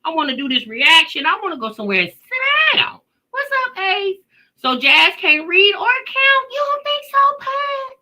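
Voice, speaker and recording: Animated, bright-voiced woman hosting a live chat. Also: extremely high pitch, normal speed. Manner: greets chat viewers by name, chatty and animated. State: tired after work. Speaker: reaction channel host. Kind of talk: casual livestream chat.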